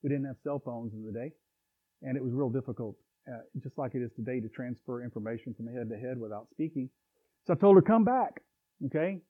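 A man's voice: medium pitch, fast, slightly rough. A middle-aged man preaching a sermon in a conversational way, with chuckles and asides. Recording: tinny phone-like recording.

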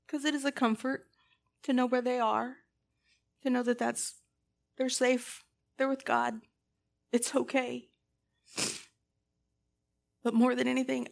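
A woman's voice: sits high, flat delivery, measured pace, gravelly, long pauses. A woman preaching a sermon in an earnest, impassioned way, putting pointed questions to her listeners.

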